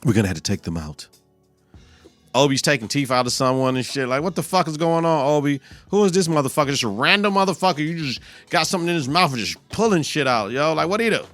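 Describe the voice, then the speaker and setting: A podcast host with a fairly high-pitched voice talks fast with few pauses, recapping a TV episode in a loose, profane, animated style and acting out characters' lines in voices. The recording is dry, with soft music in the background.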